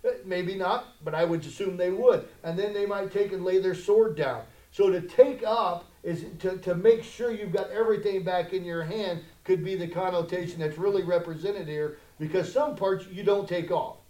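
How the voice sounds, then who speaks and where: A male pastor preaching a conversational sermon that swells into loud, emphatic challenges, in a church sanctuary. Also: sits high, moderate pace, hardly any pauses. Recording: echoey room.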